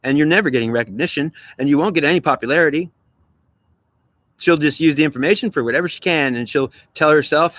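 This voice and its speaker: Alone in front of the camera, a male vlogger stages an earnest, repetitive argument with himself, voicing both sides. His voice sits on the high side, moves fast, and has a fairly bright tone with no room sound.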